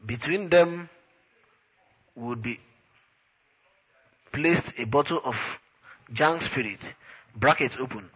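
A man reading a novel aloud in a dry, unhurried storytelling manner. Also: mid-range voice, fairly bright tone, slightly rough, lo-fi sound. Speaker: narrator. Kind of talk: audiobook narration.

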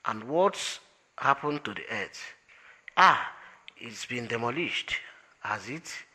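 A man's voice: medium pitch, expressive, takes it slowly, pushed and bright, husky, long reverb tail, exaggerated voice. Man reading as a flustered, bewildered man. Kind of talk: audiobook reading.

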